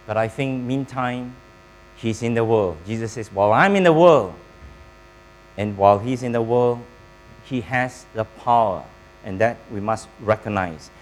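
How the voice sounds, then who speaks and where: A male pastor delivering a sermon at an unhurried, measured pace, breaking his thoughts into short phrases. He asks his listeners questions and prompts them to answer. A faint electrical hum sits under the voice. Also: lowish voice, low-quality recording. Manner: preaching with pauses, quizzing the congregation.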